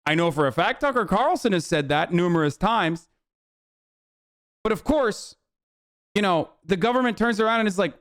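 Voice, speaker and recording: A man's voice: sits high, animated, moderate pace, long pauses, fairly bright tone. A man streaming a reaction to a documentary, ranting in a heated, profane, sarcastic way. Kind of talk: casual reaction commentary.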